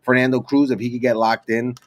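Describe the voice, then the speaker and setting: A man's voice: mid-range voice, little pitch movement, fast. A man hosting a casual sports podcast, talking in a loose, joking way. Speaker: host.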